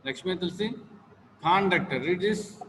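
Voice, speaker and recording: A male teacher with an Indian English accent drills his students slowly, repeating each word and filling his pauses with "uh." His voice sits a little high for a man. It rings with a long hall reverb over a faint room hum. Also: a bit bright. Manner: slow and repetitive, with many "uh" fillers and drills. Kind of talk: classroom lecture on word stress. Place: classroom.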